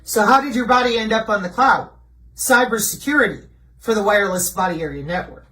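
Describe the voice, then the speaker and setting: A woman with a medium-pitched, slightly bright voice talks a little fast as she presents slides for a video, offering blunt, mocking conspiracy commentary and answering her own rhetorical questions. The audio is poor and she sounds far from the mic.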